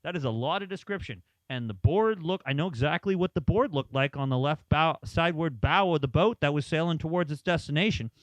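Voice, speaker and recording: A man's voice: fairly high pitch, fairly quick, few pauses, no room sound. A man co-hosting a casual chat show, rambling through stories and acting out quotes. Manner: rambling storyteller, acts out quotes. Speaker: podcast co-host.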